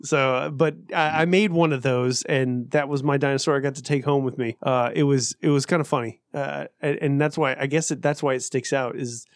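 A man's voice: mid-range voice, steady tone, moderate pace, hardly any pauses, no echo, clean studio sound. A man in casual chat, rambling and restarting his sentences as he looks things up. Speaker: podcast co-host.

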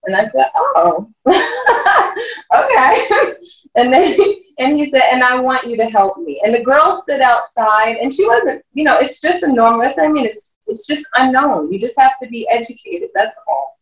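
A woman, a mother and life coach, telling stories in an interview, animated and often laughing as she acts out what others said. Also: high-pitched, normal speed. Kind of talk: storytelling interview chat. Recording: roomy, distant, dull lo-fi sound.

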